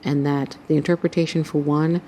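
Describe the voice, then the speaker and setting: A woman's voice: sits low, little pitch movement, brisk, warm tone, slight background noise. A woman hosting her channel, earnestly recounting a dream as spiritual testimony and acting out the voices in it. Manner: earnest storytelling, acts out quoted voices.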